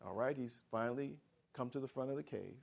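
A man preaching a sermon, swinging from loud proclamations to hushed quick asides, asking the congregation questions and acting out inner voices. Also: vocal fry. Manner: swings from booming declarations to hushed, fast asides.

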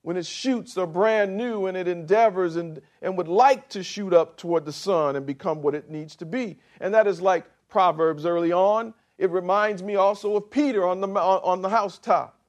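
A middle-aged male pastor preaching a sermon, slow and emphatic, swinging from quiet to loud for effect. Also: sits high.

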